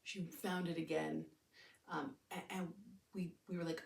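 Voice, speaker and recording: A woman's voice: low-pitched, level tone, brisk, creaky, far from the mic, slight background noise. Candid woman in an echoey room. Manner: candid, rambling, swears casually. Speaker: podcast host. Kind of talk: casual solo podcast talk.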